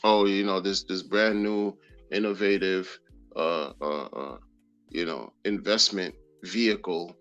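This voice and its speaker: A man hosting a casual crypto livestream, talking in an animated, slangy way with lots of repeated phrases. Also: deep voice, unhurried. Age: adult. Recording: dull lo-fi audio with faint music.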